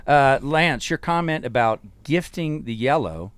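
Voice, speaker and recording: A man with a Texan accent hosting a casual podcast, relaxed as he reads out listener messages and moves the talk along. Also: medium pitch, a little slow, clear, resonant tone, no echo. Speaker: podcast host reading listener mail.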